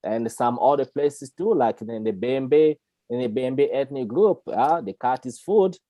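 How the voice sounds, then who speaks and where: A man's voice: medium pitch, lively intonation, a little slow, mellow, no echo. A man, speaking in a casual explanatory way. He laughs often, repeats words and keeps checking in with "you know" and "all right". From Congo. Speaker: guest speaker on Kongo spirituality.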